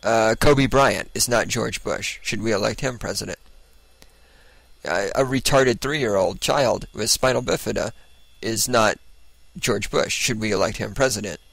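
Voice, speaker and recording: A man's voice: fairly low pitch, a little slow, creaky, fairly bright tone, no room sound, poor audio. A man giving a blunt, sarcastic political monologue as host, laughing at his own jokes.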